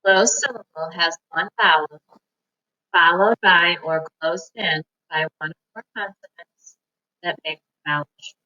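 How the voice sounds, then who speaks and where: Bright-voiced woman teaching phonics. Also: fairly low pitch, dull audio. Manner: slow, deliberate, sounds words out syllable by syllable. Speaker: reading teacher. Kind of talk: phonics lesson.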